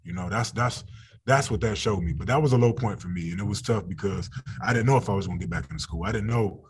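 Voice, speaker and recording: Young male football player guest, husky low voice, easygoing and quick to laugh. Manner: laid-back, laughs often, emotional recalling. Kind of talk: casual interview talk.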